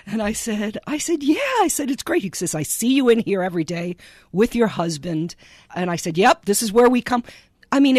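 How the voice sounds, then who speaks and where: Middle-aged woman, guest author, lively storyteller in a dry studio. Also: fairly low pitch, no room sound. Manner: animated storyteller who acts out voices in quotes. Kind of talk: storytelling in a casual interview.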